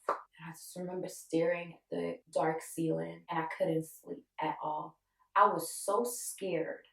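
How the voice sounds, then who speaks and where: A woman's voice: fairly low pitch, gravelly, distant mic. Young woman telling her story in an echoey room. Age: 20s. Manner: emotional, animated retelling with quoted voices. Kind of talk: personal storytelling.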